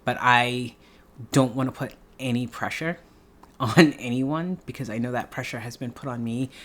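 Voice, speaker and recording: A woman's voice: rumbling low, normal speed. Chatty middle-aged woman from New York. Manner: chatty, laughing often, emphatic repeats. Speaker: beauty YouTuber. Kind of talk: casual vlog talk.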